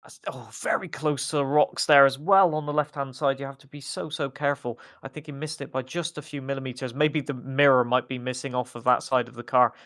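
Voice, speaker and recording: A man co-commentating a sim rally stream, explaining car handling in a measured way. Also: mid-range voice, steady tone, fairly bright tone. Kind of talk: analytical race commentary.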